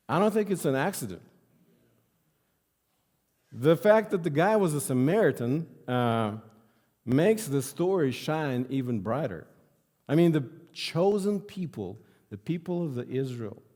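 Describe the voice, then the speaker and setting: Slow-speaking male pastor in a reverberant church. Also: medium pitch, darkish tone. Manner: earnest, repeats phrases for emphasis. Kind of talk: sermon. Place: church sanctuary. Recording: long reverb of a church hall.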